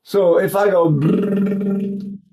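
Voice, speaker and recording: This older singing teacher has a fairly high voice and talks at an ordinary pace. His casual, animated lesson keeps pausing for sung and buzzed examples, plus impressions of Italian speech.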